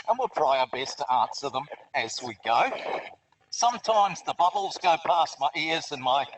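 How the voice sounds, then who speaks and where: A man's voice: a little high, a bit bright. A man with an Australian accent, presenting a live educational webinar from underwater in an aquarium, speaking through a full face mask microphone in a cheerful, chatty way. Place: underwater in a large aquarium tank. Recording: distant, muffled underwater mask mic.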